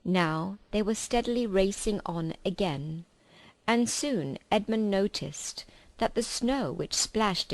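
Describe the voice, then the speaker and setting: A woman reading a children's novel aloud with calm, measured storytelling. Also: mid-range voice, no room sound, rough recording. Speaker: reader.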